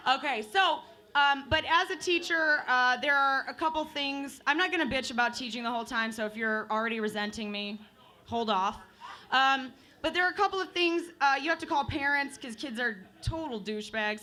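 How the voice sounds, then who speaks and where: A woman's voice: high-pitched, bright, forceful tone. A woman in her twenties from Michigan doing open mic stand-up comedy, chatty and profane, playing with the crowd on a bar stage. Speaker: stand-up comic.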